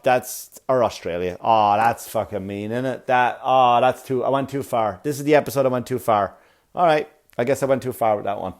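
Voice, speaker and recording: Guy ranting on his comedy podcast, swears a lot, fed up, mid pitched voice. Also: darkish tone. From Ireland. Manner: profane, exasperated ranting with mocking quoted voices. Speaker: podcast host. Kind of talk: solo comedy podcast rant.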